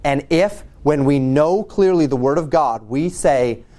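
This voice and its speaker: A man's voice: fairly high pitch, measured pace, dark tone. Conversational male preacher telling a story. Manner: conversational, storytelling, repeats himself. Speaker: pastor. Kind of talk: sermon.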